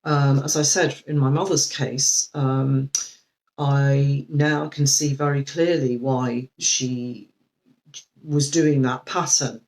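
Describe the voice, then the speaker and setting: Slow, reflective woman coach. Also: a bass voice, fairly even intonation, poor audio. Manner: gentle, reflective, with many ums and restarts. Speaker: life coach. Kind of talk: live video talk.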